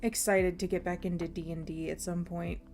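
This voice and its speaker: A woman's voice: lowish voice, little pitch movement, normal speed. A young woman from the American South with a Southern accent, chatting casually with viewers on a stream, rambling and laughing often. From Southern United States. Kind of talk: casual chat with viewers during a work-along stream. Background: soft background music.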